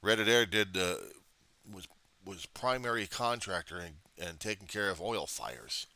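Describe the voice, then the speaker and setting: A man's voice: low-pitched, expressive, a little slow, sharp tone. An American man vlogging a rambling, profane history monologue, full of digressions and self-corrections. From United States.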